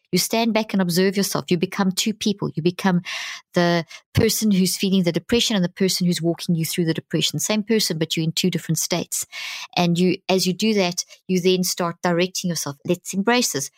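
A woman's voice: fairly low pitch, dry recording, clean studio sound. A middle-aged woman explaining her method in a podcast interview, earnest and emphatic, often repeating phrases. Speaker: guest psychologist.

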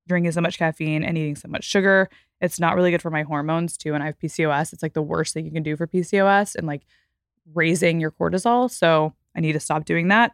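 Thirty-year-old woman podcaster, candid chatty delivery, lower voice, dead-dry booth. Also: vocal fry, no room sound. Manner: reflective, candid, frequent "like" fillers. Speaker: podcast host. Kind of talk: casual solo podcast talk.

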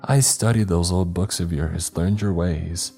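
A man's voice: low voice, measured pace, creaky, warm tone, slightly rough, exaggerated voice. A man voicing a stern, determined woman who speaks firmly and commands, with faint music behind. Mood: quiet. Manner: firm, commanding.

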